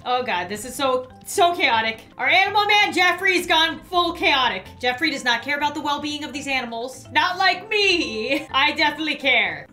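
A young woman playing a mobile game on camera, giving excitable running commentary, shrieking and laughing and talking to the animals. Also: high-pitched, normal speed, few pauses, faint music behind. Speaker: gaming YouTuber.

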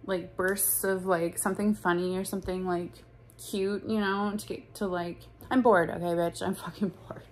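A woman's voice: fairly low pitch, little pitch movement, normal speed. A young woman in a casual storytime vlog, talking bluntly and profanely with lots of "like". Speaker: vlogger.

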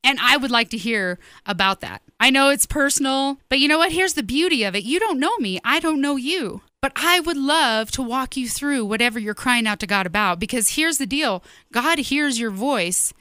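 Woman host, high clear voice, earnest testimony preaching, dry close sound. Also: animated, normal speed, hardly any pauses, pushed and bright, dry recording. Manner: earnest, emphatic, direct address to listeners. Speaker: ministry host. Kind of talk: personal testimony sermon.

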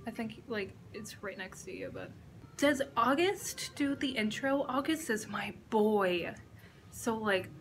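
A young woman filming a casual reaction vlog indoors at a friend's house, excitable and gushing and swearing freely. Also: mid-range voice. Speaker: reaction vlogger.

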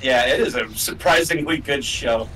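A man's voice: medium pitch, moderate pace, sharp tone, slight background noise. A young man co-hosting a let's play, chatting casually and rambling with lots of fillers and emphatic asides. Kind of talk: casual gaming chat. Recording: voice a bit far from the mic.

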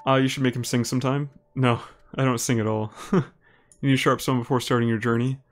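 A man with an Upper Midwest American accent streams a game live, talking casually with his viewers. His voice sits at an ordinary middle pitch, and his delivery is easygoing and chatty, with light laughs as he reads and answers chat messages. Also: fast talker. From Minnesota, United States. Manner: relaxed and chatty, laughs easily, talks to viewers by name. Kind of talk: live gameplay commentary, reading chat aloud.

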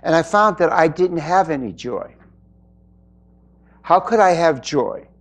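A man giving an inspirational spiritual talk to an audience, earnest and reflective, with pauses. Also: fairly high pitch, expressive. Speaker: spiritual speaker.

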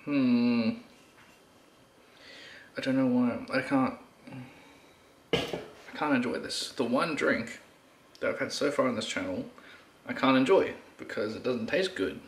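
A man's voice: mid-range voice, measured pace, pauses often. Blunt, groaning man in an echoey room. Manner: blunt, swears, groans and sighs. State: out of breath. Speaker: drink reviewer. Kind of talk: casual vlog review. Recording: echoey room, faint background noise.

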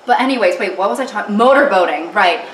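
Talking fast and animatedly in a mid-range voice, a young vlogger rambles and cracks jokes, full of fillers, while cooking on her home kitchen stove. With just the camera mic far away, there's slight background noise, a roomy feel, and sizzling from the stove.

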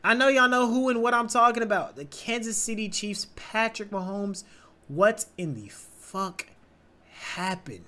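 A man's voice: high voice, a little slow. A young man hosting a sports reaction video, ranting casually with profanity, stammering restarts and repeated phrases. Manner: animated, repetitive, stammering, profane. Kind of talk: casual rant.

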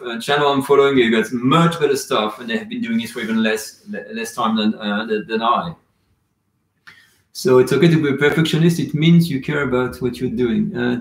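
A man's voice: mid-range voice, fairly bright tone, reverberant. Rambling man hosting a live chat. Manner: casual, rambling, reads chat comments aloud. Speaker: cooking channel host.

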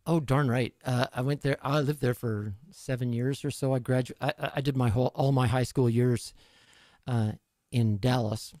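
A man's voice: mid-range voice, steady tone, moderate pace, a little mellow, no room sound, studio quality. A middle-aged man from Canada, a musician guest chatting casually in an interview, rambling and self-deprecating. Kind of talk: casual live-stream interview.

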